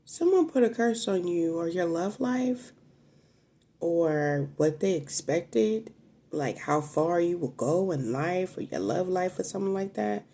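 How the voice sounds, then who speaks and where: A woman's voice: fairly low pitch, animated, unhurried, dark tone, slightly rough. A woman giving a casual, emotional tarot reading straight to her viewers, chatting freely and swearing now and then. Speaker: tarot reader.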